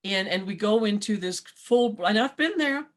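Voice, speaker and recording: A woman hosting a talk show, chatting in a casual motivational way and acting out quoted voices with lively swings. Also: mid-range voice, moderate pace. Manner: animated, acts out quoted voices. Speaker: podcast host.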